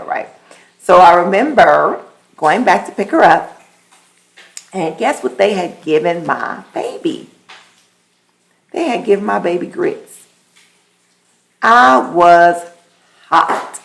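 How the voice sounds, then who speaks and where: A woman with a lowish, gravelly voice hosts a podcast and tells a personal story. She keeps it casual and animated. She laughs often and leans on repeated words for emphasis. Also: a little slow, long pauses, poor audio. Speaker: podcast host.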